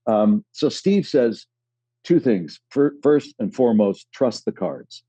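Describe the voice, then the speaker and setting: A man guest on a podcast telling animated, rambling stories in casual chat. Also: mid-range voice, takes it slowly, husky, no room sound, lo-fi sound.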